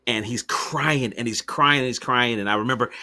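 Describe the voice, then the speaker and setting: Bright-toned man telling a story casually. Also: medium pitch, normal speed. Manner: animated, slangy storyteller with many fillers and restarts. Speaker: podcast host.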